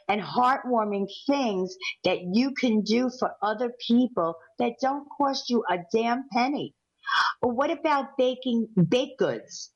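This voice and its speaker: A woman co-hosting a talk radio show, speaking in an enthusiastic and emphatic way. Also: mid-range voice. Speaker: radio co-host. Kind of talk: casual radio chat. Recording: slightly dull lo-fi sound.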